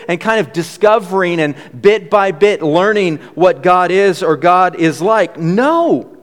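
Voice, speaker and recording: High-voiced man preaching in a reverberant hall. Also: moderate pace. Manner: earnest, animated emphasis with frequent restarts. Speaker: pastor. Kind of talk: sermon.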